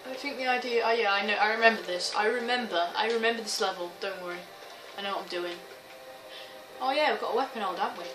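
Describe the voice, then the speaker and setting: Excitable woman, roomy distant sound. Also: medium pitch, fast talker. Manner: excitable, swears, shrieks and laughs often. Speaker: gaming video host. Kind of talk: let's-play commentary. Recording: roomy, distant mic with game music. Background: game music and sounds.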